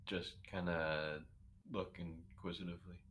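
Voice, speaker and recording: A man's voice: deep voice, level tone, measured pace, a bit bright, slight background noise. A man in a tabletop role-play describing his character's actions in a loose, mumbling way. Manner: mumbling, loose, filler-heavy.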